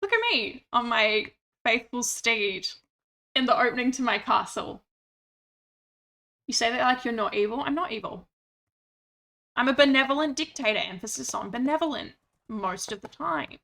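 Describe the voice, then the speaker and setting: Bright, playful woman streamer. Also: on the high side, moderate pace, gravelly, long pauses. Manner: playful, chatty, reads chat aloud. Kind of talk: casual gaming stream chat.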